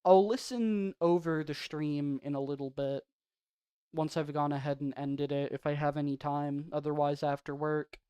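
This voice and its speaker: A man's voice: on the high side, steady tone, normal speed, smooth, no room sound. A man streaming a game, chatting casually and rambling in a self-deprecating way. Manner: soft-spoken off stream. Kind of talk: casual livestream chat.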